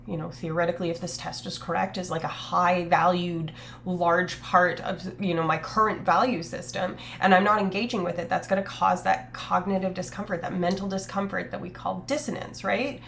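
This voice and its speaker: A woman streaming live, chatting to her viewers in a loose, rambling way with casual swearing. Her voice has a gravelly, creaky fry and a stuffy, sniffly nose. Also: lowish voice, little pitch movement, normal speed, fairly bright tone, slight background noise. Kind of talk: casual livestream chat.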